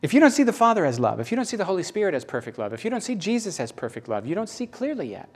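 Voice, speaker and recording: A man's voice: very animated, racing, a little mellow, husky. A middle-aged man preaching a sermon in a conversational, emotional storytelling manner. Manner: conversational, emotional storytelling with sudden rises in pitch.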